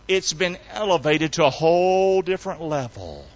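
A man preaching a sermon in a folksy, call-and-response style, swinging between loud emphatic shouts and low hushed tones. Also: animated, normal speed, few pauses, no room sound. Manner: folksy, colloquial delivery. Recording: dull, dry, lo-fi recording.

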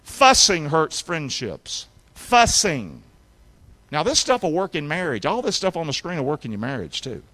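A man preaching a sermon as a pastor, with emphatic call-and-response and sudden shouted lines for emphasis. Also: a little high, big pitch swings, moderate pace. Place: church sanctuary.

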